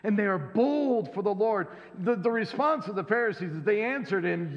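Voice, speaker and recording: A man's voice: high voice, fairly quick, few pauses. A man preaching a sermon, acting out the voices of the people in the scripture story. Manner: lively, acts out the voices in the story. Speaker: pastor. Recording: dull lo-fi sound with long hall reverb.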